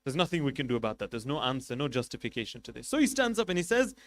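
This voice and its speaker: A man preaching a sermon, telling a story with passion, swinging between loud emphasis and quiet asides, and reciting Arabic quickly before translating it. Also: mid-range voice, big pitch swings. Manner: recites Arabic passages rapidly, then translates. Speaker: sheikh preaching at a mourning gathering.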